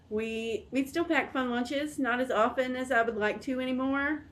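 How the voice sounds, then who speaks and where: A woman's voice: sits high, a little slow. Rambling, candid woman vlogger. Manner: rambling, candid and self-deprecating. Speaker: channel host. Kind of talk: casual vlog talk to camera.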